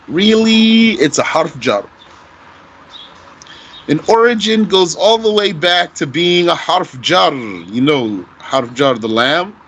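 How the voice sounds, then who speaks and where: A man teaching Arabic grammar, explaining deliberately and asking himself rhetorical questions. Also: medium pitch, slight background noise. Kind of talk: recorded grammar lesson.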